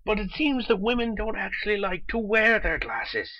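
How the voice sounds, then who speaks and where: A young man delivering a sarcastic, exasperated comedic rant in an animated way, on slightly dull lo-fi audio. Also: high-pitched, moderate pace, dry recording. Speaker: vlogger.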